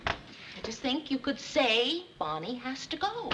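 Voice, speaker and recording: Earnest young office woman, high lively voice, hisses of old broadcast noise. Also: unhurried. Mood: flustered. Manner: earnest, flustered, polite. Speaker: office worker. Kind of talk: sitcom acting. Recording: noisy old TV soundtrack.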